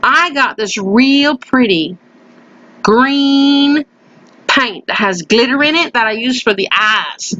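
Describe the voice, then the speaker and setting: A woman's voice: high voice, lively intonation, takes it slowly, a bit bright, no echo, muffled recording. A woman hosting a crafting video, chatting playfully as she works and often slipping into a put-on folksy country voice. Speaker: craft channel host. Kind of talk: casual crafting voice-over. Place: at home.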